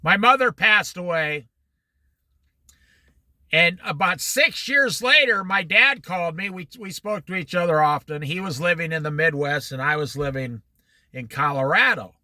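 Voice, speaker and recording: A middle-aged man teaching an informal Bible study, telling stories with lively quoted voices. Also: on the high side, normal speed, no room sound. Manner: animated storytelling with quoted voices.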